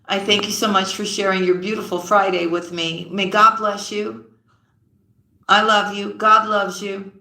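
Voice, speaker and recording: Slow-talking, affectionate woman tarot reader. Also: level tone, roomy sound. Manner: affectionate, calls viewers sweetheart and sis; often drops low and quiet mid-sentence. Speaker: tarot reader live-streaming to viewers. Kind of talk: casual live-stream chat greeting viewers.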